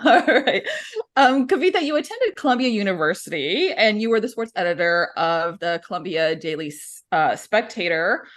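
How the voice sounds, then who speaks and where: Lively upbeat woman co-host. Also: medium pitch, moderate pace. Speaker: podcast co-host. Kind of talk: interview questions.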